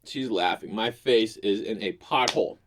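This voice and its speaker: A man's voice: lowish voice, moderate pace, slight background noise. A man hosting his own channel, telling a crude, rambling comic story full of swearing. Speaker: host. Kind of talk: casual comedic storytelling.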